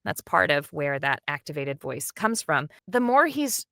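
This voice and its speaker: A woman who works as a dub director, chatting animatedly and enthusiastically in an interview, with quick asides. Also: low voice, sing-song, pushed and bright, no room sound, studio quality. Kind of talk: casual interview chat.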